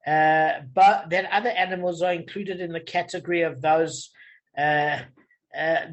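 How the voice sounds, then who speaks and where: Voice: medium pitch, low-quality recording. A person leading a casual study session, explaining step by step with many fillers. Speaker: study leader. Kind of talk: casual teaching.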